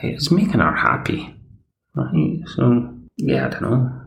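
Scottish man, podcast host, rambling episode recap, gravelly, echoey room. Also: mid-range voice, sing-song, takes it slowly, slight background noise. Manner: chatty, rambling, plays the characters' lines himself.

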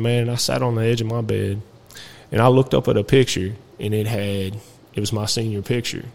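A man's voice: mid-range voice, little pitch movement, brisk, creaky, darkish tone. A young man, a podcast guest telling his life story in a candid, rambling way and swearing freely. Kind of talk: casual storytelling interview.

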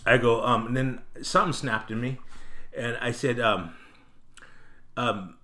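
An older man, a podcast guest telling animated, profane stories about store customers and acting out their voices. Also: medium pitch, a little slow, long pauses. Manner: animated, acts out customers' voices, swears freely. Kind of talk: casual storytelling.

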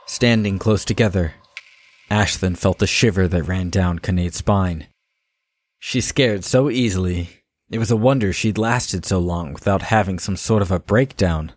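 A male narrator reads a fantasy story at a measured, even pace. His voice is very deep. The recording is dry and close. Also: dry recording. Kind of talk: scripted audiobook narration.

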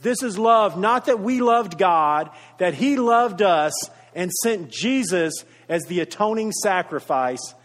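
A man's voice: high voice, expressive, slow pace, hardly any pauses, a bit bright. A man preaching a sermon as pastor, earnest and repeating his key points for emphasis, with storytelling asides. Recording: reverberant hall.

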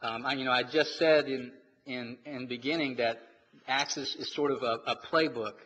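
A man's voice: medium pitch, fairly even intonation, moderate pace, a bit bright, lo-fi sound. A man preaching a sermon in a church, reading scripture and explaining it with many restarts and fillers. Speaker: pastor. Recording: long reverb, faint noise.

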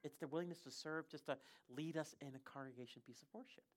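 Pastor for a sermon slot: lively storyteller who trips over their own words, middle-of-the-road pitch. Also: quick pace. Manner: animated storytelling with frequent self-restarts.

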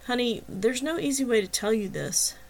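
A woman voicing a gentle middle-aged father and detective, low and solemn. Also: expressive, moderate pace, gravelly, poor audio.

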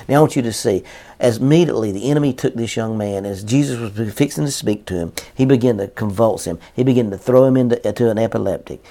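A man's voice: mid-range voice, mellow. A man preaching a sermon in an earnest, repetitive style, reading scripture aloud and driving his points home.

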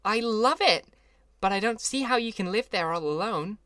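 This is a breathless, delighted young society lady, as a male audiobook reader puts her on. Her voice sits high and light, with little exclamations spilling out. The recording is dry and close. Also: animated, moderate pace, bright, forceful tone, no room sound. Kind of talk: audiobook character reading.

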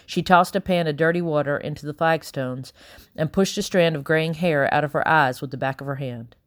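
A woman narrating a novel in the first person, steady and measured. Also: low-pitched, dry recording, studio quality. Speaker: audiobook narrator.

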